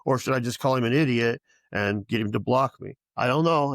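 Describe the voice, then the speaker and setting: A man talks as a podcast guest in loose, rambling chat, often stopping to restart his sentences. He swears freely and slips into quoted voices for other people. His voice sits at a middling pitch and sounds dry and close, with almost no room around it. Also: a little fast, no echo. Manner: rambling, profane, with many restarts.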